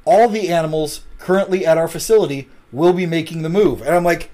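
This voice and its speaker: A man from Nebraska co-hosting a podcast, telling profane rambling stories in casual chat with halting restarts. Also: on the high side, mellow. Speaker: podcast co-host.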